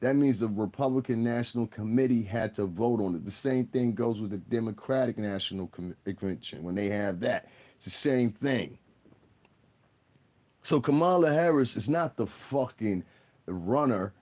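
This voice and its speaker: A man's voice: mid-range voice, normal speed, a little mellow. A male livestreamer with a mid-range voice, talking in a loose, rambling rant to his chat. He is blunt and combative and swears constantly. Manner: blunt, combative, heavy cursing; rambling, talks straight to viewers. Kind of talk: profane live-stream rant.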